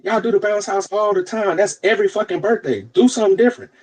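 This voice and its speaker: A fast-talking young man with a high-pitched voice co-hosts a podcast, telling a long story in relaxed, expletive-heavy chat. He's animated and acts out the other people's lines in their voices.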